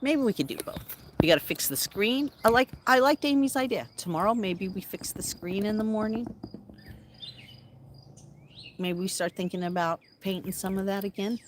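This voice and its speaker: A woman with a low, rugged voice chats casually with her viewers outdoors in her backyard, breaking into a playful singsong to call to the animals. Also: moderate pace, slight background noise. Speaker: vlogger. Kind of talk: casual live chat with viewers.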